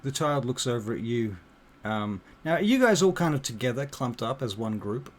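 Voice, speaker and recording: A man narrating as game master in a halting way, with many fillers and restarts. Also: mid-range voice, very animated.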